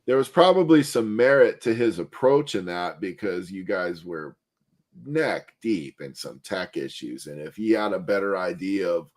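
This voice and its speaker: A man co-hosting a casual chat show, relaxed and thinking aloud. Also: low voice. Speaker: co-host.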